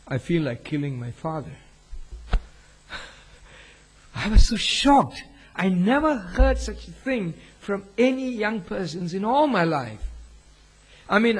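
A man's voice: sits high, husky. A man preaching a sermon as a pastor, telling a story earnestly and rising sharply on key words. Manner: earnest, with sudden emphatic rises.

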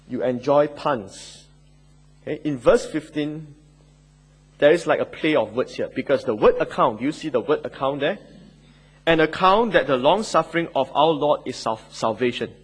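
Husky-voiced man preaching a sermon. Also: fairly high pitch. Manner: emphatic, repeats key phrases, checks in with "Okay?". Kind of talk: expository sermon.

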